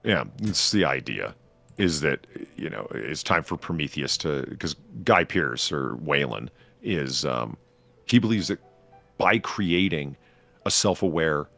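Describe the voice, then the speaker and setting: Podcast co-host, male, very low gravelly voice, sarcastic and profane, faint music underneath. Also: sing-song, a little slow, bright, forceful tone. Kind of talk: casual chat reviewing a film.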